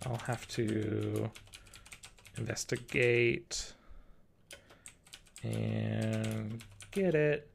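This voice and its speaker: A man streaming a game from home, talking to his chat in an unhurried, gravelly voice. He sounds apologetic and flustered and laughs a lot, with keyboard clicks faintly behind him. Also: on the low side, steady tone, a little hiss or hum. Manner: chatty, reads and answers chat. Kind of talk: casual live-stream chat while gaming.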